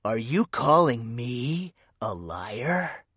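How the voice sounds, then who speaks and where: A storyteller voicing a big, rough bully boy who talks in a curt, growling way. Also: mid-range voice, very animated, takes it slowly, a bit bright, no echo, studio quality, voice pushed up, heavily acted. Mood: threatening.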